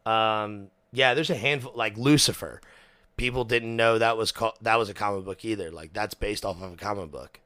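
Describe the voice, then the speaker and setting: A young man hosting a casual podcast chat, animated, with lots of fillers, restarts and swearing. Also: fairly low pitch, normal speed, no echo. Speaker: podcast host.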